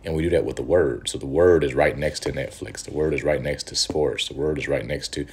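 A man teaching from the Bible in a conversational, animated preaching style, asking rhetorical questions. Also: extremely low pitch, brisk, breathy edge. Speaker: pastor. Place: Michigan.

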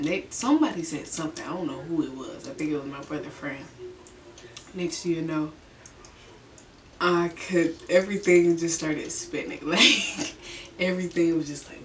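A young woman vlogger telling a story in her bedroom during a mukbang, laid-back, slangy and profane, laughing often. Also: low voice. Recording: roomy, distant mic, faint hiss.

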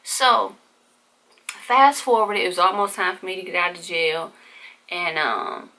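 A woman's voice: on the low side, unhurried, bright, forceful tone. A woman vlogger telling a candid personal story in casual, profane, conversational speech.

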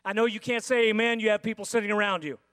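A man preaching a sermon as senior pastor, with dramatic pauses and acted-out inner voices. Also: high-pitched, fairly even intonation, bright, forceful tone, smooth. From United States. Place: large church sanctuary. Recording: dry sound with long hall reverb.

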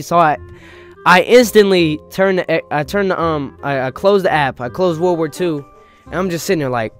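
Young male gaming YouTuber, high-pitched, profane and animated casual rant. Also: moderate pace, soft background music. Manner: profane, animated, peppered with "bro" and "you know what I mean".

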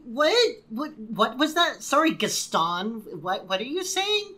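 A woman's voice: on the high side, unhurried. A woman co-hosting a podcast, recapping a TV episode in a casual, sarcastic chat full of "like"s. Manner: animated and sarcastic, with many "like"s. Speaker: podcast co-host.

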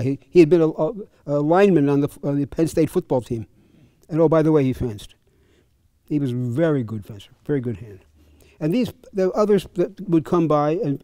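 A man's voice: fairly high pitch, mellow, no echo, studio quality. Older man telling fencing stories. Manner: chatty, chuckling, conversational. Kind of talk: casual anecdotal storytelling. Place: fencing center clinic.

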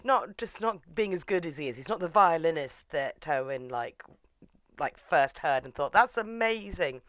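A young woman talks through an anime in a casual, wry way. Her voice sits low for a woman, and the recording is dry and close. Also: moderate pace, no room sound. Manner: chatty, wry and animated, acting out characters. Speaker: anime reviewer. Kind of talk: casual comedic review.

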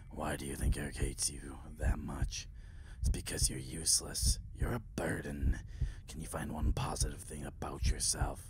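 A man whispering as a cruel inner voice. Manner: low, venomous hiss. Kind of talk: whispered role-play.

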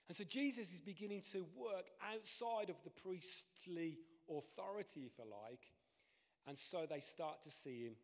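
Animated male preacher in a reverberant church. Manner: animated preaching with sharp rises and drops in pitch and loudness. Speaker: pastor. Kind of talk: sermon. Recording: long reverb of a church hall.

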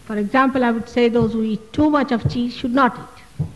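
A woman's voice: fairly high pitch, steady tone, moderate pace, big-room sound, poor audio. A woman, a spiritual teacher answering audience questions at a public talk, emphatic and full of rhetorical questions. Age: 60s. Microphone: loudspeaker microphone.

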